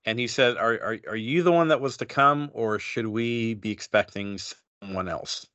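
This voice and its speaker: A man's voice: medium pitch, moderate pace, bright, forceful tone, no room sound, lo-fi sound. A man taking part in a church panel discussion, thoughtful and speaking with frequent restarts. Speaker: panel member.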